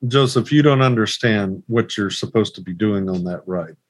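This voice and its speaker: A man's voice: fairly low pitch, moderate pace, no echo. A man co-hosting a casual podcast chat, talking in a wry, opinionated way. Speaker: podcast co-host.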